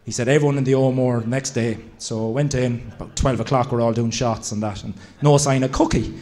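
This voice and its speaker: A man's voice: medium pitch, steady tone, mellow. An Irish man, a former player and guest at a live podcast show, telling a laughing, chatty anecdote. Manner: laughing, chatty, quick bursts.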